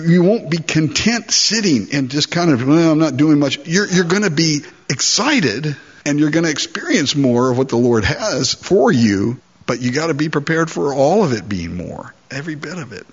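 Male pastor, sermon delivery, lively swinging pitch, husky tone, dull lo-fi recording. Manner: animated, acts out dialogues with God.

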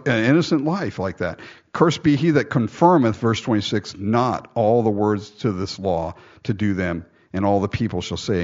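A man's voice: mid-range voice, dull audio. A man preaching a sermon, reading scripture aloud and breaking off into jokey, conversational asides.

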